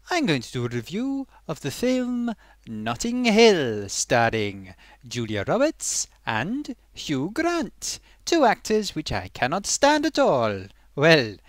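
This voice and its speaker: Lively, scornful comic reviewer. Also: medium pitch, dry recording. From Britain. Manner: scornful, rambling, with self-tangling asides. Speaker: film reviewer. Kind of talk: comic deadpan film review.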